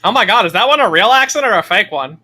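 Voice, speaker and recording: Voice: medium pitch, lively intonation, fast talker, sharp tone. A player chatting casually at a tabletop game, often laughing.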